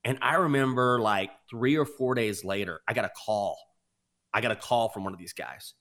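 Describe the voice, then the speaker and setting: A man's voice: on the low side, normal speed. A man co-hosting a sports betting podcast, chatting casually and telling stories with mocking voices. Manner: animated storyteller, mocking voices.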